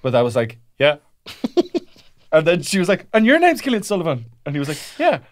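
A man's voice: fairly high pitch, wildly swooping pitch. A young Irish man co-hosting a comedy podcast, telling a childhood story in casual chat with many "uh"s and restarts. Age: young adult. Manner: halting, filler-heavy storytelling with lots of "uh".

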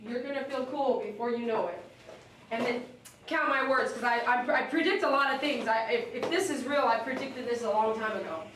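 A woman chatting emotionally with viewers during a live stream while she grooms a dog in her shop. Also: a little fast. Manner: emotional, chatty, talks to dogs in a high coaxing voice. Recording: echoey room, mic at a distance, faint noise.

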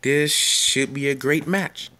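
A man giving excited live commentary while playing an online game, often out of breath and reacting loudly to each moment. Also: on the high side, slow, noisy background. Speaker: gaming channel host. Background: loud game music.

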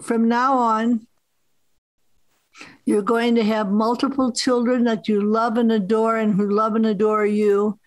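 A woman's voice: fairly high pitch, little pitch movement, unhurried, no room sound, lightly acted, rough recording. A woman voicing a cheerful, approving God in a told story. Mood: delighted. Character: delighted benevolent God from the heavens.

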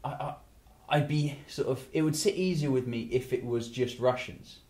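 A man's voice: medium pitch, moderate pace, darkish tone. A man hosting a casual talk show, rambling with many asides and restarts. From England. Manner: rambling, lots of "you know" and restarts. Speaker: podcast host. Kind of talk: casual chat.

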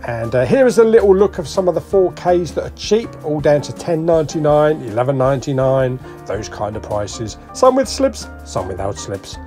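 A man's voice: fairly high pitch, moderate pace, hardly any pauses, faint music behind. A British man giving a casual, jokey walk-through of a shop's discs and their prices while filming as he goes. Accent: British English. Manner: chatty, jokey, lively, ticks off titles and prices. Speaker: vlogger.

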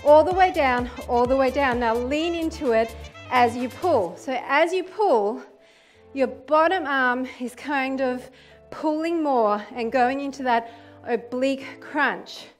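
A woman's voice: sits high, takes it slowly, faint music behind. A woman leading a home workout, counting reps aloud and urging listeners on, slightly out of breath. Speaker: fitness instructor. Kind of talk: guided workout instruction. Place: apartment room with carpet.

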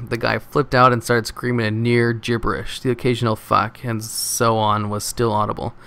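A man's voice: medium pitch, a bit bright, clean tone. Man reading a story with wry expression. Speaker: narrator reading online posts. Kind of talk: first-person story reading.

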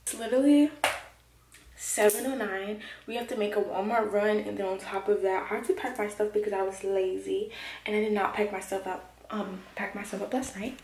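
A woman's voice: mid-range voice, fairly even intonation, fairly quick, a little mellow. A young woman vlogging casually while packing in her bedroom, chatty and full of "like" and "literally.". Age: young adult. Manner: chatty, says "literally" and "like" a lot. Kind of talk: casual vlog chat. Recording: echoey room, distant mic, noisy.

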